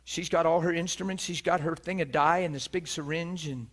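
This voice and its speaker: High-voiced, excitable male preacher telling a story. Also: brisk. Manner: excited, emphatic, acts out voices, laughs often. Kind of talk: sermon storytelling.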